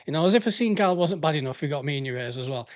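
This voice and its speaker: A man's voice: fairly high pitch, lively intonation, rapid-fire. A man with a Northwest English accent hosting a podcast, rambling along in a sweary, jokey, casual chat. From Northwest England. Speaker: podcast host.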